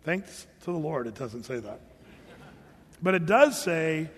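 A man's voice: on the high side, lively intonation, measured pace, slightly rough. A man preaching a sermon in a humorous, conversational way, with joking asides to the congregation. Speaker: pastor. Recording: long hall reverb.

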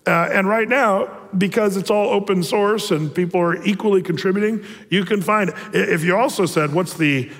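A man's voice: high-pitched, moderate pace, hardly any pauses, fairly bright tone. Man, pastor, casual sermon, joking asides, echoing hall. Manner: chatty, digressive, joking asides. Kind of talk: casual prophecy-update sermon.

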